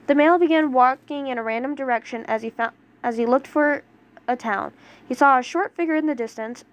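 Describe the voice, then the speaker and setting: A woman narrates a fan story in a casual way, tripping over words now and then and slipping in chatty side comments. Her voice is a bit high for a woman, and she reads at an easy pace. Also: brisk, a little hiss or hum. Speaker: voice actor reading a fanfic.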